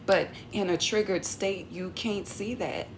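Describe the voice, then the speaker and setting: A woman relationship coach talks casually to camera in a sassy, conversational way, animatedly acting out quoted arguments. Her medium-pitched voice is unhurried, with a little hiss or hum in the background.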